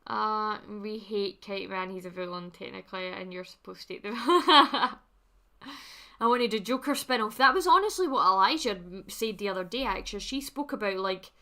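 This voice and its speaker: A woman's voice: medium pitch, bright, forceful tone. A young woman hosting a livestream, chatting casually with viewers in a blunt, laugh-filled way and swearing freely. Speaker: livestream host reading chat. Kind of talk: casual chat.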